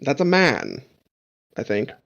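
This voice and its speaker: Loud, excitable player, gravelly, lively delivery. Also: medium pitch, slow, dull audio. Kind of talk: tabletop game play.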